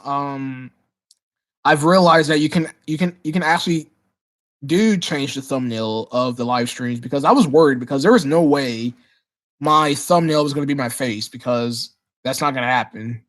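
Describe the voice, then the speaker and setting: Excitable male livestreamer who stumbles over his words. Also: on the high side, moderate pace. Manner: excitable, repeats words and restarts often. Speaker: livestream host. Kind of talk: casual livestream Q&A, reading chat questions aloud.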